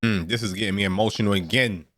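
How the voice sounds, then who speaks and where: A man's voice: fairly low pitch, quick pace, noisy background. A man hosting a reaction video, talking casually and often breaking into exclamations. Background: show audio playing.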